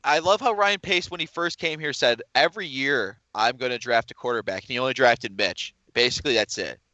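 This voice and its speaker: Male podcast co-host, bright tense voice, rambling and jokey, dry lo-fi sound. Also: mid-range voice, brisk, dry recording. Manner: rambling, jokey, slips into impressions. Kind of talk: casual sports chat.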